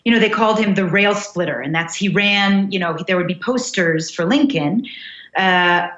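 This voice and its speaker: A young American woman speaks with a middle-pitched voice, reflective and thinking aloud through her ideas with frequent fillers and restarts. Her audio sounds roomy and slightly dull, like a remote interview recording. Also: moderate pace, fairly bright tone. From United States. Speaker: guest writer. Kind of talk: casual interview conversation.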